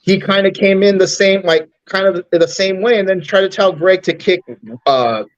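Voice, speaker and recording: A man's voice: sits high, moderate pace. Man retelling drama over lo-fi call. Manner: animated storytelling, mimics others. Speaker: regular caller in a live chat. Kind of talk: casual group call chat.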